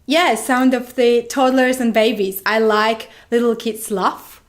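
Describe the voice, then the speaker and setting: A woman's voice: a little high, level tone, a little slow. A young woman from Georgia, an actress answering interview questions eagerly in simple phrases, often adding "you know".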